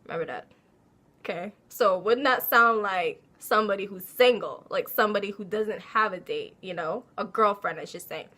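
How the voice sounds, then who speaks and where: A young woman telling a casual storytime, animated and laughing as she acts out her own quotes. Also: medium pitch, normal speed. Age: young adult. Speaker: vlogger.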